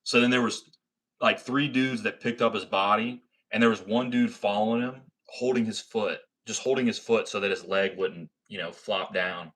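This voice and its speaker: A man's voice: fairly low pitch, normal speed, a bit bright. A man hosting a livestream, telling stories and reading chat in a laid-back, profane, slangy way. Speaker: livestream host. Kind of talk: casual livestream storytelling and chat.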